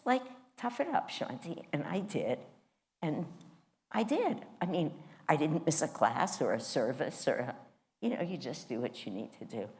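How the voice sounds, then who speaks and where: Low-voiced woman teaching with lively inflection. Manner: animated, candid and self-mocking. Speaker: spiritual class teacher. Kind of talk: personal storytelling in a class talk.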